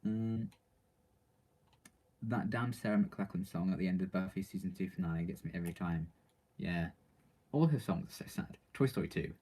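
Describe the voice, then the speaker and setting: A man's voice: deep voice, moderate pace, pauses often, dark tone. A man reading out viewer questions and answering them in casual, rambling live-stream chat, full of ums and likes.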